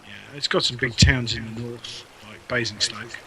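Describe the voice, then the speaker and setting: A southern English man telling rambling anecdotes over a gaming voice chat, his pitch sitting in the ordinary middle range. A steady hum of crowd noise runs underneath his voice. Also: normal speed. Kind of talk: casual chat.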